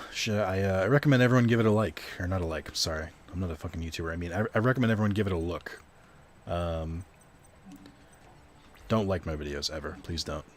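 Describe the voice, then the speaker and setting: A young man chatting loosely over a card video game stream, voice sitting a bit low. He rambles and pokes fun at himself, dropping the odd swear word. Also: brisk, pauses often, slight background noise. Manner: rambling, self-deprecating, swears casually. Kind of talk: casual gaming stream commentary.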